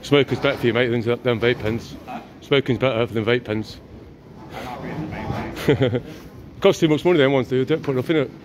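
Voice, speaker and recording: A man's voice: mid-range voice, normal speed, long pauses, noisy background. A man filming outdoors by a road, arguing bluntly and then talking to himself as he walks. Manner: argumentative, blunt, talks to himself while walking. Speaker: filming auditor. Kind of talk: confrontational street filming.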